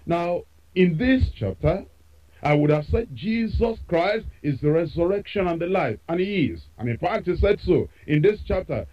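A man preaching a sermon, with emphatic repetition and expressive delivery. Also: high-pitched, normal speed, dull audio.

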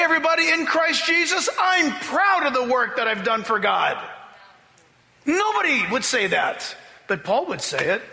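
Male pastor, emphatic sermon voice, very bright tone, reverberant church hall. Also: very high voice. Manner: emphatic, exhorting, with humorous asides.

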